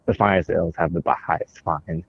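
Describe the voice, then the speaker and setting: A man's voice: low-pitched, steady tone, brisk, creaky, lo-fi sound, a little hiss or hum. A man co-hosting a podcast, joking along and riffing on his friend's bits. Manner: joking, riffs on the other host's bits. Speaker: podcast co-host. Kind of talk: casual chat.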